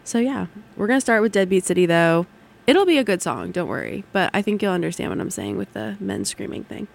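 A woman's voice: medium pitch, big pitch swings, fairly quick, gravelly, noisy background. A young adult woman hosting a college radio show, chatting casually between songs in a rambling way, full of "like" and "um". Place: radio studio.

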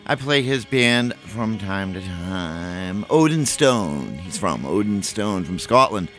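A man's voice: sits low, sing-song, takes it slowly, a bit bright, soft background music. A man hosting a college radio show, chatting casually and rambling between songs, correcting himself and humming filler beats. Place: radio studio.

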